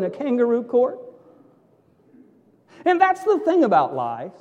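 A male pastor preaching a sermon, emphatic and theatrical, swinging from loud to hushed. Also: very high voice, wildly swooping pitch, measured pace, long reverb tail.

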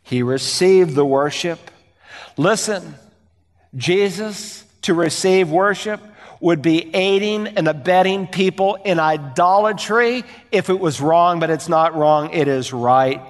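A man preaching from the pulpit, earnest and emphatic, leaning on rhetorical questions and repetition. His voice sits fairly high for a man and carries a long reverb, as if it fills a church sanctuary. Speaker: pastor. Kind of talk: sermon.

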